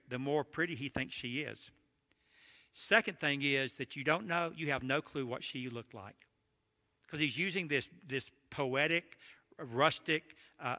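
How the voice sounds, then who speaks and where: A middle-aged man preaching a humorous sermon, telling stories with jokes and animated asides in a church or conference hall. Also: medium pitch. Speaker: marriage conference speaker. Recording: long hall reverb.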